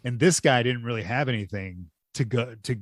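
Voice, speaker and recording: A man's voice: mid-range voice, normal speed, no room sound. Enthusiastic swearing podcast guy, dry mic. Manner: enthusiastic, swears freely, quotes people in animated voices. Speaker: podcast co-host. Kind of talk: casual movie podcast chat.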